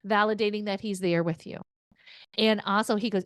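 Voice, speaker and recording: A woman's voice: moderate pace, clear, resonant tone, dry recording. A woman medium giving a casual spirit reading, chatty and laughing often, swearing now and then. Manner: chatty, laughing often, relays quotes in an excited higher voice.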